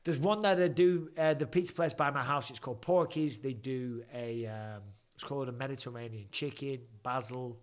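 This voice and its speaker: A man in his forties hosts a live stream from home, giving casual fight commentary in a mid-range voice at a moderate pace with hardly any pauses. He's chatty and jokey, reading viewer questions aloud and answering them.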